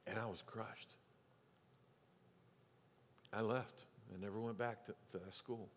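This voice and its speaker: A man's voice: on the low side, steady tone, measured pace, a little hiss or hum. A middle-aged man preaching as pastor, telling a personal story and acting out the voices of the people in it. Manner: storytelling, acts out quoted voices, drops to near whisper for emphasis. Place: church sanctuary. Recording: reverberant hall.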